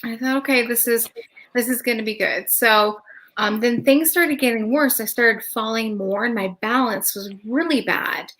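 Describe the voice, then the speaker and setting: A woman's voice: a little high, moderate pace, a bit bright, poor audio. A middle-aged woman hosting a live talk show, casually telling her own story and acting out the dialogue with lots of "like"s. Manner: chatty, retells dialogue with many "like"s.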